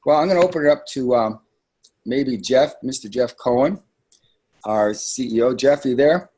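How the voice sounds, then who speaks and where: A man with a husky, slightly breathy voice leads a sales training webinar. His delivery is conversational and emphatic, and he drifts into frequent asides as he coaches his team. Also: medium pitch, normal speed, a little mellow.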